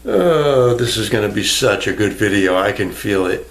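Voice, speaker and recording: A man's voice: lowish voice, expressive, moderate pace. A man ranting to the camera in a rambling, sarcastic way, swearing freely and answering an imagined viewer. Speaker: vlogger. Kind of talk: rambling casual rant to camera.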